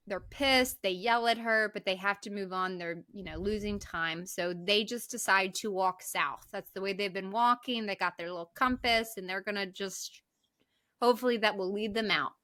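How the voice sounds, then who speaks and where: A woman co-hosting a podcast, recapping a film in an animated, profane, casual way. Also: mid-range voice, normal speed. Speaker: podcast co-host. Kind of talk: casual movie recap chat.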